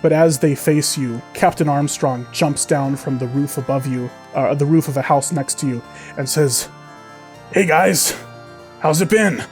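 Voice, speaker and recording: A man's voice: mid-range voice, fairly even intonation, normal speed, a little mellow, faint music behind. A man narrating as game master, describing scenes vividly with many fillers.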